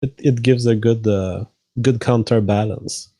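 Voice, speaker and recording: A calm guest on a live stream who talks in a plain, unhurried way and phrases his English like a non-native speaker. His voice is mellow and warm. It is recorded dry and close. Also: on the low side, no room sound. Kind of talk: casual live-stream chat.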